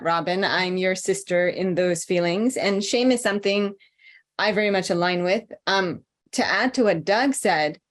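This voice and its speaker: Candid woman sharing on a panel. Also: medium pitch. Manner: candid, self-deprecating. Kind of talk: personal panel talk. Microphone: video call.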